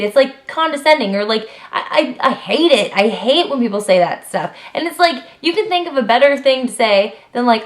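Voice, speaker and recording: A young woman vlogging to her camera, reeling off facts about herself in a chatty, animated way, full of "like" and quick jumps in pitch when she gets emphatic. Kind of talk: casual to-camera list of personal facts.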